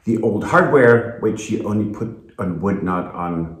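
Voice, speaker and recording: A man's voice: fairly low pitch, lively intonation, measured pace. A man co-hosting a casual home vlog, talking bluntly about life at his chateau. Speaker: co-host, chateau owner. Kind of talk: casual chat. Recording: roomy echo.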